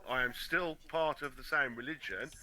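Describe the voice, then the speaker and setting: A man's voice: mid-range voice, normal speed, a crowd in the background. A man playing a tabletop game, speaking in a plain, matter-of-fact way. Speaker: player. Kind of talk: casual tabletop game chat.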